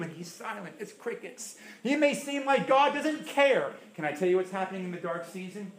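A man preaching a sermon in church, acting out quoted prayers and swinging between loud bursts and hushed asides. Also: high-pitched, expressive, normal speed, few pauses. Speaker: pastor.

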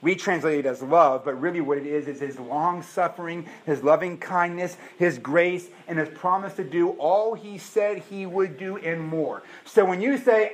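A man's voice: a little high, moderate pace. A man preaching a sermon, pleading and impassioned, repeating his calls again and again. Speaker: pastor.

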